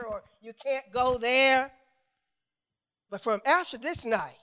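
A woman preacher with a high, bright, smooth voice. She leads her congregation in call-and-response and has them repeat her words. Her loud, stretched-out exclamations give way to fast, hushed asides. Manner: swings from loud, drawn-out exclamations to quiet, quick asides. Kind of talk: sermon.

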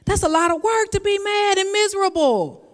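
A woman's voice: very high-pitched, expressive, moderate pace, big-room sound. A woman preaching a sermon in a church, talking to the congregation and repeating her phrases. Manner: conversational preaching, repeats phrases, tells personal stories.

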